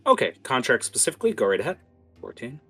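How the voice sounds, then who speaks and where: A man's voice: medium pitch, sing-song, fast talker, bright, forceful tone, breathy edge. A man narrating a tabletop game as game master, in a casual, rambling way. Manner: casual, many fillers and restarts.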